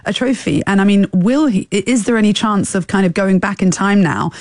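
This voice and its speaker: A woman's voice: medium pitch, a little fast, a little mellow, no echo. A woman speaking as a studio guest on a radio panel, chatty and musing aloud with questions. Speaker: studio guest, football fan.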